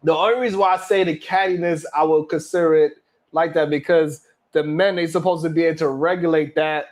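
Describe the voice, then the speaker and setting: Loose, cursing live stream host. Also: male voice, fairly high pitch, fairly even intonation, fairly quick. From New York. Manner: loose banter, heavy cursing, frequent laughs. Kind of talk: casual reaction chat.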